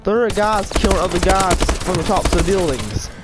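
A man's voice: high voice, animated, a little fast. Man ranting through gameplay, whiny and rambling, game music under him. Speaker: gaming YouTuber. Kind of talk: live gameplay commentary.

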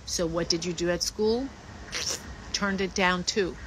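A woman's voice: on the low side, steady tone, unhurried, noisy background. A woman acting coach giving an emphatic teaching talk to actors, listing words in rhythmic runs.

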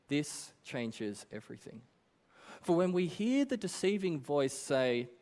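A man preaching a sermon in an earnest, emphatic way, with dramatic pauses. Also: on the high side, big pitch swings, a little mellow.

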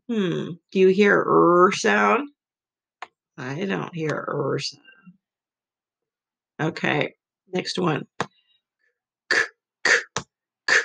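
Female teacher, low gravelly voice, slow and patient, phonics lesson over a computer mic. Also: sing-song, poor audio. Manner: slow, patient, sounds out letters repeatedly. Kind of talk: remote phonics lesson for young children.

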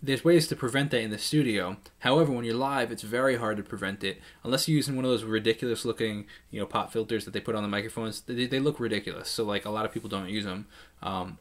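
Talking quickly in a lowish voice, this male musician walks through a live song's vocals and mix in a relaxed, analytical manner, frequently starting his sentences over. He's recording into a studio microphone with a pop filter while the track plays faintly behind him.

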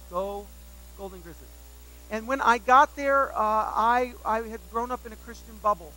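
A man delivers a sermon in a high, bright and sharp voice. He leans on repetition to drive points home. He slips into animated, self-mocking storytelling. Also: a little hiss or hum, low-quality recording. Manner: emphatic, repeats key phrases for weight. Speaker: pastor.

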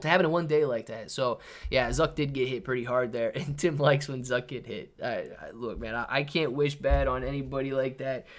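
Casual man hosting a live stream. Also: mid-range voice. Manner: casual, reads chat names and shout-outs, says man and dude a lot. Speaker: livestream host. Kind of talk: live market stream chat.

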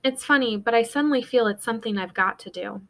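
An earnest young boy, as a woman reads his lines in a raised, youthful pitch. He sounds defensive and sincere about keeping his secret. It comes from a storybook read aloud. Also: quick pace, fairly bright tone.

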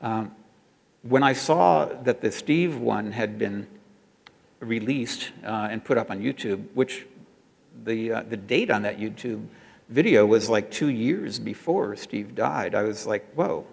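Gravelly man telling a story in a hall. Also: lowish voice, darkish tone. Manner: chatty storyteller with frequent fillers and restarts. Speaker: speaker recounting advertising work. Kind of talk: anecdotal talk to an audience.

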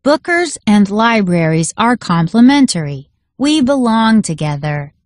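A woman voicing a tiny, eager, formal magical father in a storybook, breathless and raised in pitch. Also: big pitch swings, measured pace, no echo, clean studio sound.

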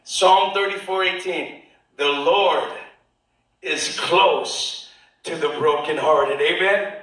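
A man preaching a sermon as pastor, calling for amens from the congregation and reading scripture slowly, word by word. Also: on the high side, bright, forceful tone. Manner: preaching with call-and-response, quoting scripture slowly. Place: church sanctuary. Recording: roomy church sound from a distant mic.

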